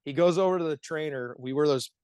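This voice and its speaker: A man in his thirties from the Pittsburgh area, a hockey player telling animated stories as a podcast guest, laughing often and swearing freely. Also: a little high, fast, clean tone, dry recording. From Pittsburgh area, United States. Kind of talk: casual podcast storytelling.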